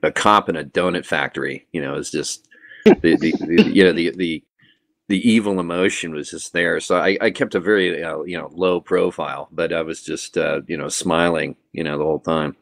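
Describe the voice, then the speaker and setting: A man chatting as a guest on a fan podcast, speaking haltingly with many fillers. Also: deep voice, steady tone, vocal fry, no room sound, studio quality. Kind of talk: casual chat.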